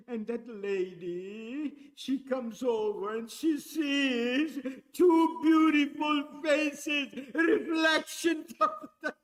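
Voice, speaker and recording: A man delivers a mourning sermon, his high, bright voice drawing the story out slowly and swelling into cries. The sound carries the long reverb of a prayer hall. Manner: emotional storytelling, voice rising to cries. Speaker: speaker at an Islamic center. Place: Islamic center hall.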